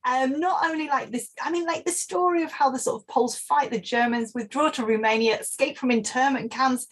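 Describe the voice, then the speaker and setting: A woman researcher joins a podcast as a guest. Her voice sits fairly high and is a little husky, and she makes her points casually but with emphasis.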